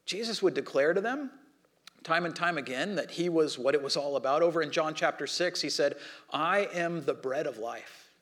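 A man preaching a sermon in a conversational, animated way, acting out the people he quotes. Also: on the high side, normal speed. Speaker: pastor.

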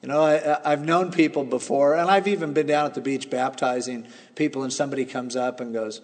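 Male pastor, sermon, chatty plain-spoken explaining, mid-pitched voice, long hall reverb. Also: fairly even intonation, fairly quick. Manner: conversational, explains scripture in plain everyday terms. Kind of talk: expository sermon.

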